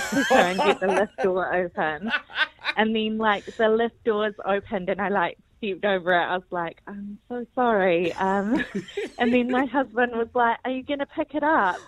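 A woman's voice: mid-range voice, poor audio. Giggly New Zealand woman telling a story. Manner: giggly, animated, laughs through lines. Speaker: guest storyteller. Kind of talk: comic storytelling on radio.

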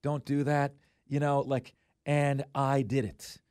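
A man hosting a sports talk radio show in a studio, talking in animated, self-deprecating banter. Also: medium pitch, slow, clean tone, no echo. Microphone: studio microphone.

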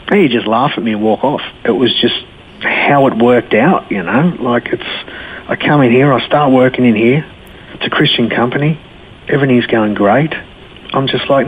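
A middle-aged Australian man tells his own story as a guest, candid and colloquial, and he gets lively when he acts out conversations. His voice comes down a tinny, narrow phone line. Faint noise runs underneath. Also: medium pitch, brisk. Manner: candid and colloquial, animated when retelling dialogue. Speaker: interview guest. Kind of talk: personal testimony in a radio interview.

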